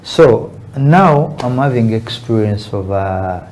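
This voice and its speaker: A man's voice: fairly low pitch, lively intonation, takes it slowly, a little mellow, slight background noise. A young man from Uganda, a barista guest in a casual interview, who talks earnestly with frequent restarts.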